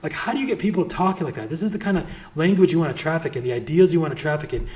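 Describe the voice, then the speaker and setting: Effusive, blunt man with a higher voice. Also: animated, racing, darkish tone. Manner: effusive and blunt, swears freely. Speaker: real estate business coach. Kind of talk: casual motivational talk to camera.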